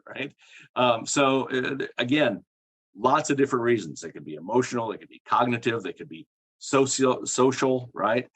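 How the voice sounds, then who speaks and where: A man's voice: mid-range voice, normal speed, fairly bright tone, husky. A middle-aged man from Minnesota, a professor explaining ideas in an interview, hesitant and full of fillers. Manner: hesitant, many fillers and restarts. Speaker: guest, psycholinguistics professor.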